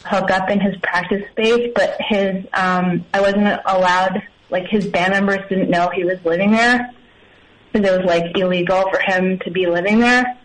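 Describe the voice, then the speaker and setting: A woman's voice: medium pitch, fairly even intonation, normal speed, low-quality recording. A woman calling in to a radio show, telling a story hesitantly with lots of fillers. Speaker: caller. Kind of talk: casual phone chat.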